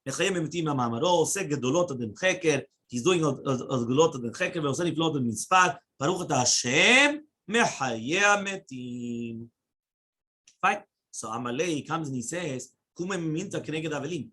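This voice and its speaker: A rabbi with a fairly high, slightly breathy voice teaches a Talmud class in English. He's animated, chanting Hebrew quotations rapidly and translating them, and keeps checking in with "right?" and "yeah?"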